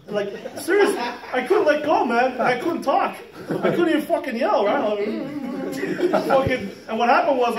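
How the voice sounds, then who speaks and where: A man's voice: sits high, darkish tone, slight background noise. A man in his fifties telling a rambling, profane work story in casual chat, laughing as he goes. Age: 50s. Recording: roomy sound from a distant mic.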